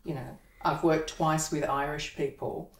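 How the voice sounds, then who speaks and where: A woman actor chats casually as an interview guest, her voice sitting low with a steady, unhurried tone. She rambles and laughs often. The room is echoey, the mic is at a distance, and there's faint noise.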